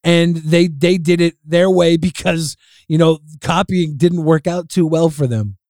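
A man talking casually on a podcast, explaining with excited, profane energy. His voice sits a little high, and the sound is dry and close. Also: unhurried, no room sound. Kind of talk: casual chat.

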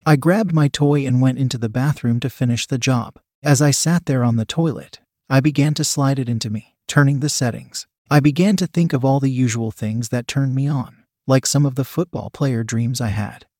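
A man reading a first-person erotic story aloud in a steady, even storytelling manner. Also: medium pitch, moderate pace, few pauses, dry recording, studio quality. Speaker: narrator.

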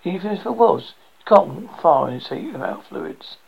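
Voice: mid-range voice, very animated, normal speed, gravelly, husky, lo-fi sound, full character voice. A storyteller voicing a blunt, pessimistic man who barks grim warnings. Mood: bitter. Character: bitter, pessimistic man, quick to snap.

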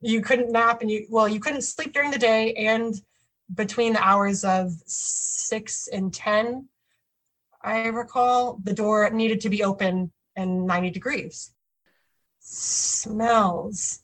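A woman casually recalling dormitory life, relaxed and recollecting. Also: a little high, takes it slowly. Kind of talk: casual reminiscing.

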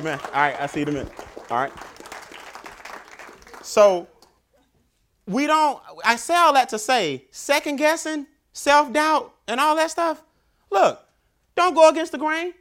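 Guy giving a motivational keynote, high voice, lots of punchy repetition. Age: adult father. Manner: animated storytelling, emphatic repetition. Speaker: keynote speaker.

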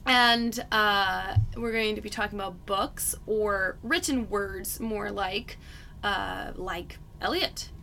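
A woman's voice: medium pitch, takes it slowly, bright, forceful tone, slight background noise. A woman co-hosting a podcast in casual chat, playful and joking. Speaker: podcast co-host.

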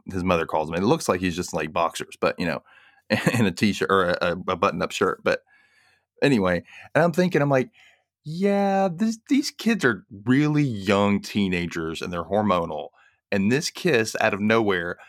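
A man co-hosting a casual podcast chat, animated and laughing often as he acts out quotes. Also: lowish voice, no room sound, studio quality. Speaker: podcast co-host.

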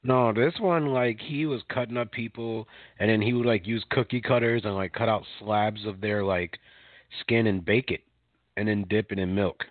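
Male podcast co-host, low register, rambling casual delivery, lo-fi phone-like audio. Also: steady tone, normal speed, no room sound. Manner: rambling, filler-heavy storytelling with mock voices. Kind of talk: casual chat. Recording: tinny phone-like dry sound.

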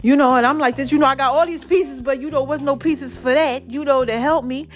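A woman hosting a podcast, telling a personal story in an expressive, conversational way and talking straight to her listeners. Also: sits high, a little fast. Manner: expressive, conversational, addresses listeners directly as y'all and baby. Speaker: podcast host.

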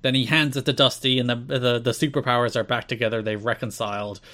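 A man co-hosting a casual podcast, eagerly recounting old wrestling shows and dropping into quick impressions. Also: mid-range voice, level tone, pushed and bright. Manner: enthusiastic, retells matches with quick impressions. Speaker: podcast co-host.

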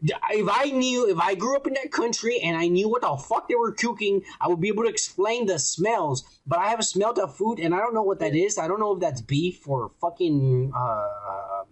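This man talks high in his range and swears through nearly every sentence. He rambles loosely as he recaps and chats casually as a podcast host. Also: animated, moderate pace, few pauses, low-quality recording. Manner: crude, rambling, swears constantly. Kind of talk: casual profane chat.

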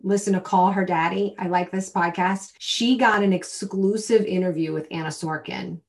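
Chatty, animated woman podcast co-host. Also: lowish voice, moderate pace. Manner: chatty, animated, laughs often. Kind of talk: casual chat.

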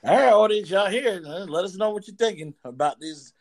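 A man's voice: high-pitched, fairly quick. A man hosting a casual talk show, playful and speaking straight to his audience. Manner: playful, addresses audience directly. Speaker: show host.

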